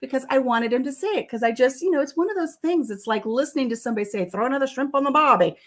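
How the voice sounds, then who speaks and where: A woman's voice: high-pitched, rapid-fire. A woman hosting a casual home vlog, chatting and telling stories with a lot of laughter. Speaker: vlog host. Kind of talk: casual chat while tasting tea.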